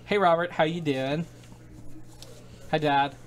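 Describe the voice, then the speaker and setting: A man commentating casually on a card game stream, joking, quick to react and full of playful asides. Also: a little high, steady tone.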